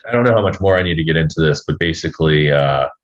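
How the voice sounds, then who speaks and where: A man telling a personal story as a podcast guest, halting and rambling, swearing freely. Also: a bass voice, animated, highs cut off. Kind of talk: casual storytelling.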